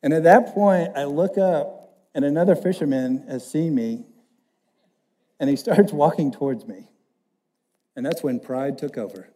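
Man, young, pastor, sermon, animated storyteller, fairly high voice. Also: measured pace, pauses often. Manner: animated, self-deprecating storyteller, swings from loud to hushed.

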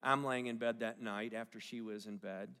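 Speaking at a normal pace, a middle-aged man delivers a sermon in a mid-range voice that is sharp yet clean, with fairly even intonation. This pastor tells a family story and jokes, often asking the congregation questions, while the church sanctuary adds long hall reverb.

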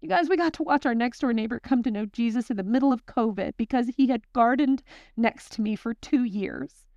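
A woman's voice: fairly high pitch, brisk, a little mellow, dry recording, highs cut off. A young woman teaching a Bible study, talking in a chatty, intense, self-deprecating way, then praying over the group. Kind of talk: sermon with closing prayer.

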